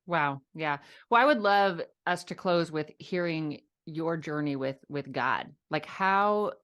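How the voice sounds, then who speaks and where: A woman with a somewhat low voice hosts a faith podcast. She responds with short, encouraging reactions. She then asks thoughtful follow-up questions in a casual interview tone. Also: lively intonation, takes it slowly, a bit bright. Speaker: podcast host.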